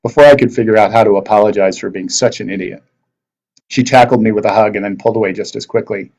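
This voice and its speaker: A man teacher reading a novel aloud to his class with expressive narration. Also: on the low side, fast talker, rough recording.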